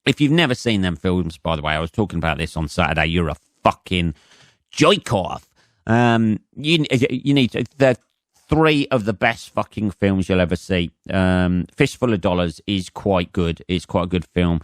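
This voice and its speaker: English man, forties, comedian, low voice, dry close sound, rambling, swearing a lot. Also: normal speed, dry recording. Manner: profane, rambling, many fillers and restarts. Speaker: comedian and podcast host. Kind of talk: rambling solo podcast monologue.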